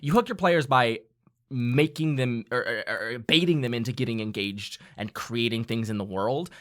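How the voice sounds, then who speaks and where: Animated man talking tabletop games. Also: mid-range voice, normal speed. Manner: excitable, animated, breaks into quoted voices. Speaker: dungeon master and podcast host. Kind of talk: casual chat about tabletop gaming.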